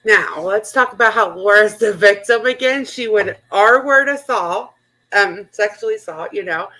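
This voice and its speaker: A woman's voice: mid-range voice, unhurried, bright, forceful tone, rough recording. A woman hosting a stream, chatting casually with a sarcastic, offhand manner. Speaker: stream host. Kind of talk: casual chat.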